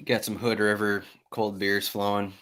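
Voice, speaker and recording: A man's voice: on the low side, little pitch movement, moderate pace, a bit bright. A man hosting a sports betting podcast, chatty and upbeat as he asks questions and plugs the website. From Michigan. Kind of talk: casual chat.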